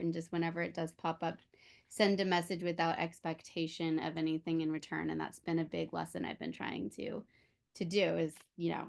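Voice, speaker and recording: A woman's voice: lowish voice, creaky. A mother in a prayer circle on a video call from her daughter's room, sharing heartfelt and emotional, chatty and open.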